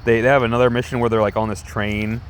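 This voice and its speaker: Guy rambling about a comic he loves, mid-pitched voice, lots of "like" and restarts. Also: little pitch movement, fast, a little hiss or hum. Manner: rambling and enthusiastic, full of "like" and restarts. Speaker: comic book reviewer. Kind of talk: casual review vlog.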